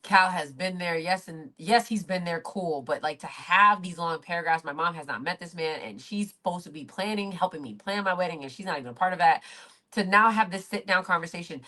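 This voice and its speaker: A woman's voice: on the low side, fairly quick, sharp tone. A woman co-hosting a podcast, talking in a casual, emphatic way and stacking up adjectives and long explanations. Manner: emphatic, piles up adjectives, wordy. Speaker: podcast co-host. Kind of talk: casual recap chat.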